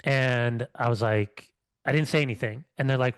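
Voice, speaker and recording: A man's voice: mid-range voice, moderate pace, smooth, no room sound. Middle-aged man, ex-athlete co-host, heated ranting chat, dry close sound. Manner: fired-up ranting with restarts. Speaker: podcast co-host, former athlete. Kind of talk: casual podcast chat.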